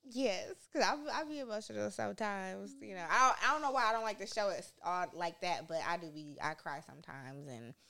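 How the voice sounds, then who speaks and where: A woman's voice: medium pitch, expressive, fairly quick, creaky, hardly any pauses, pushed and bright. A young woman hosting a podcast, chatting casually with her mother and laughing often. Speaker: podcast host. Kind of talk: casual chat.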